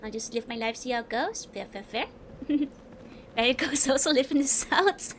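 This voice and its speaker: A young woman from the Netherlands with a clear Dutch accent, streaming a game. Her voice sits high, and she chats loosely with viewers and giggles often between remarks. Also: animated, moderate pace, fairly bright tone, slight background noise. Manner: giggly, chatty, answering chat while playing. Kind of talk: casual game-stream chat.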